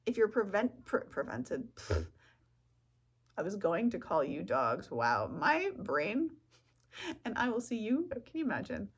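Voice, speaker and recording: Giggly rambling woman, lively pitch. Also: measured pace, slightly rough, dry recording. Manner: giggly, trips over words and restarts. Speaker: vlogger. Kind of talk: rambling casual vlog talk.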